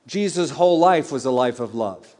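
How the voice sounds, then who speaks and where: A male pastor preaching a sermon, conversational and emphatic, swinging between loud and hushed. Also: mid-range voice, lively intonation, moderate pace. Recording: long reverb of a large hall.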